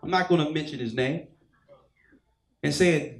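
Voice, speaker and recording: High-voiced man preaching in an echoey hall. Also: a little slow, creaky, pauses often. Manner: storytelling, acts out quoted voices. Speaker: church elder preaching. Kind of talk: sermon testimony.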